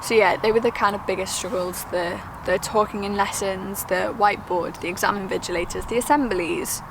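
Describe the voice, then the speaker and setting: Chatty young woman, gravelly voice. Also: mid-range voice, steady tone. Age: young adult. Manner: chatty, quick, earnest with filler ums. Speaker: vlogger. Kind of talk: casual talk to camera. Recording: noisy background with traffic.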